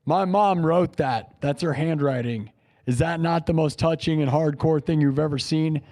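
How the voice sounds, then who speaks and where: A man's voice: fairly high pitch, moderate pace, a little mellow. A young man streaming live, talking casually and emotionally, rambling and repeating himself while he grieves. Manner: rambling, emotional, repeats phrases, says dude and bro. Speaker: live streamer and improv musician.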